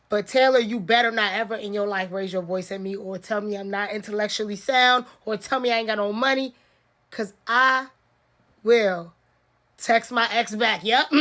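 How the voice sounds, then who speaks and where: A woman's voice: on the high side, sharp tone. A young woman giving blunt, sassy live commentary on a reality show, laughing and cursing as she reacts. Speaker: reaction vlogger.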